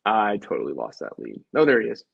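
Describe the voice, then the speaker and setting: A man's voice: fairly low pitch, huge pitch swings, fast talker, gravelly, breathy edge, lo-fi sound. A man, a life insurance agent, chatting casually to livestream viewers between sales calls in a breezy, upbeat way.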